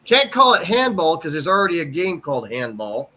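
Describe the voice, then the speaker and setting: An American man chatting casually on a live stream, halting and often restarting his sentences. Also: on the high side, sing-song, pushed and bright, a little hiss or hum. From United States. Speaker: chat guest.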